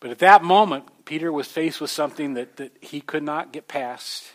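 A man preaching a sermon in a conversational way, restarting phrases, rising to emphatic peaks and then dropping low. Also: normal speed. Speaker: pastor.

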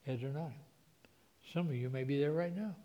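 A man preaching a sermon, telling a personal story, his voice swinging from hushed to loud. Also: medium pitch, brisk, in a large hall, lo-fi sound.

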